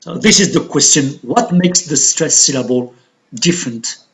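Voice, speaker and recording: A woman with an Algerian accent teaching a recorded English pronunciation lesson, speaking deliberately and repeating words for drilling. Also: low-pitched, lively intonation.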